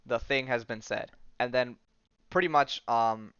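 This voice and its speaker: A man hosts a podcast, recapping comics in a loose, rambling manner studded with ums and likes. His voice is smooth and resonant. The recording is dry and close, with a dull, lo-fi tone. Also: mid-range voice, a little slow, fairly bright tone, dry recording. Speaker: podcast host.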